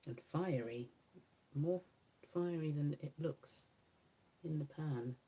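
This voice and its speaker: A woman's voice: low-pitched, slow pace, dark tone, slightly rough. A woman beauty creator chatting casually through a makeup swatch demo, musing aloud and correcting herself as she goes.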